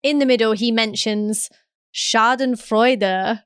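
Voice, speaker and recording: A woman's voice: a little high, measured pace, a bit bright, clean tone, dry recording, clean studio sound. A woman co-hosting a travel show, narrating in a playful, giggly way. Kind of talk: casual narration.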